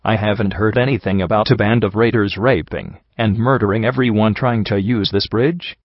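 A man reading a first-person fan fiction story aloud with a steady, even delivery. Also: lowish voice, normal speed, few pauses, no echo, dull audio. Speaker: audiobook reader.

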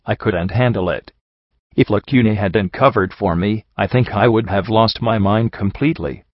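Remorseful unicorn mare voiced by a man, soft, low voice, dry muffled recording. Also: moderate pace, no room sound, lightly acted. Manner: soft, subdued, confessional. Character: guilt-ridden female unicorn pony, weary and remorseful.

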